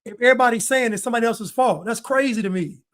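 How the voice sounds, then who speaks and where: A man's voice: very high voice, fast, a bit bright. A man hosting a podcast, talking bluntly and emphatically in casual chat, laughing often. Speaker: podcast host.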